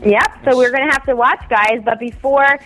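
This is an upbeat woman hosting a relaxed panel chat. Her voice sits a bit high, and she keeps things moving with quick wrap-up plugs. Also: faint music behind, low-quality recording. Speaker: host. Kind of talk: casual chat.

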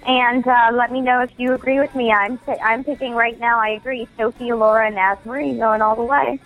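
A woman's voice: a little high, little pitch movement, a bit bright. A woman panelist in a casual chat, offering opinionated takes. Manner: opinionated, quick. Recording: phone-like line with faint music.

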